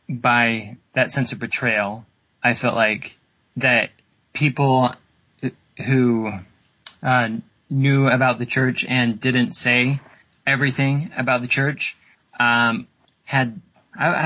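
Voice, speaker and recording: A man's voice: mid-range voice, pushed and bright. Thoughtful male guest on dull lo-fi audio. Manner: thoughtful, measured, pausing with fillers. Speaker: interview guest. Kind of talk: reflective conversation.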